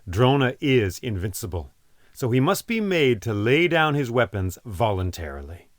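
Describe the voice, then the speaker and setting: A man voicing a calm, wise male divine counselor who speaks in a measured, persuasive way. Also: mid-range voice, dry recording, studio quality, close to an everyday voice. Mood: explaining.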